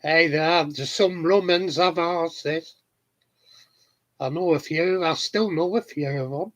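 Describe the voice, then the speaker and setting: A man's voice: a little high, slow, a bit bright. A middle-aged man with a Yorkshire accent, telling cheeky anecdotes in casual chat to his viewers from his shed. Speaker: hobbyist vlogger answering viewers. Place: home garden shed.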